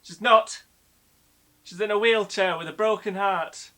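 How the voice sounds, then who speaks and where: A fussy, put-upon middle-aged son, played by an actor tells his story in a quick, insistent monologue. His voice sits fairly high and sounds bright and forceful. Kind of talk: dramatic monologue.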